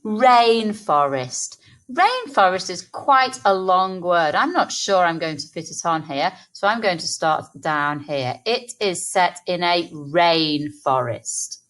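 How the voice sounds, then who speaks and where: An English woman teaching a phonics lesson to young children, sounding out words slowly and encouragingly. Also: on the low side, animated, fairly bright tone. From England. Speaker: primary school teacher.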